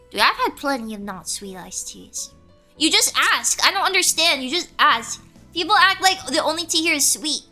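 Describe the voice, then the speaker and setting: Squeaky high-voiced woman streamer. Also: bright, forceful tone. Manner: rambling, giggly, corrects herself often. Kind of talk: casual storytelling chat.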